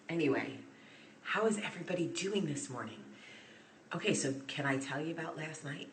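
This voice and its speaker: A woman in her thirties talking to viewers in a friend's apartment over a phone live stream, telling a story in an excitable, gushing way. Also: low voice, moderate pace, a little hiss or hum. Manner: excitable, gushing, speeds up and gets loud as story builds. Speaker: vlog host. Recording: echoey room.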